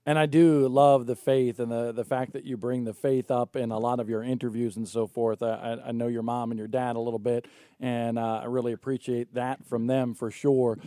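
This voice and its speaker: A man hosting a morning radio show, interviewing a young racer with animated, teasing questions. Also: mid-range voice, normal speed, hardly any pauses, dry recording.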